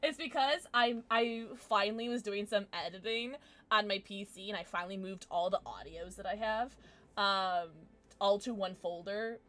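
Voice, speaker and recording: A young woman streams live, giggling through casual chat with viewers at a normal speed in a mid-range voice. Soft mumbles alternate with sudden loud squeals.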